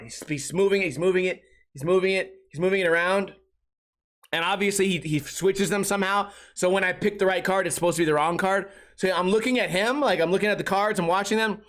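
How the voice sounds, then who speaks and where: A man's voice: high voice, fairly quick, a bit bright. A young man hosting a podcast, telling a rambling casual story, acting out quotes and laughing often. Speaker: podcast host.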